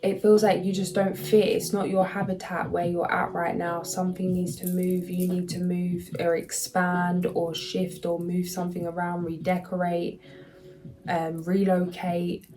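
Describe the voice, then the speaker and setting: A woman's voice: fairly low pitch, monotone, a little slow, warm tone, a little hiss or hum, poor audio. A woman doing a casual spiritual card reading, reading card messages aloud and then chatting loosely with fillers. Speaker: tarot and oracle card reader.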